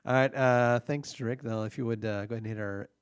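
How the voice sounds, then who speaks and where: A man hosting a comedy podcast, talking casually with a dry, halting delivery. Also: medium pitch, steady tone, smooth, no echo. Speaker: podcast host. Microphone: studio mic.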